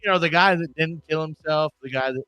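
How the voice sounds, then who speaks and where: A man's voice: fairly high pitch, brisk, pushed and bright, clean tone, no room sound, lo-fi sound, faint music behind. A man hosting a podcast in casual chat, rambling with crude joking asides. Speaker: podcast host.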